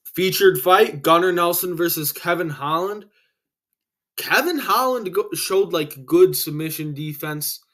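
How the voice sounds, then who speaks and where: Excitable young man, slangy and profane. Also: fairly high pitch, measured pace. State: breathing heavily. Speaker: MMA reaction host. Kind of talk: casual solo reaction commentary.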